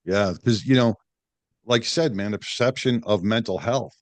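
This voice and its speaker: A middle-aged podcast guest, once a police detective, recounts a story candidly at a moderate pace, his voice on the low side. The telling is blunt and profane, with many restarts and quotes he acts out. No room sound is audible.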